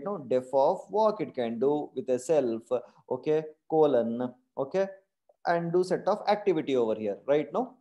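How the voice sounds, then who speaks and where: Indian English teacher, constantly quizzing. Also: male voice, mid-range voice, dark tone. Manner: keeps quizzing students with repeated questions and tag questions; calls his class "my dear friends". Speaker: programming teacher. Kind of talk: live online coding class.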